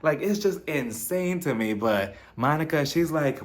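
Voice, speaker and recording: A man's voice: a little high, animated, measured pace, few pauses. A man recapping a reality TV episode in a casual, sassy way, laughing and talking straight to the people on the show. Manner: sassy, laughing asides, talks straight to the cast.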